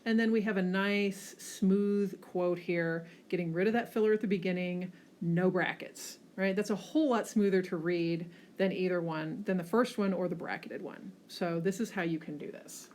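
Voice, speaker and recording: A woman teacher giving a classroom lecture over slides, often checking in with a quick "okay?" and pushing hard on key words. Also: lowish voice. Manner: frequent checking "okay?" tags, lively emphasis.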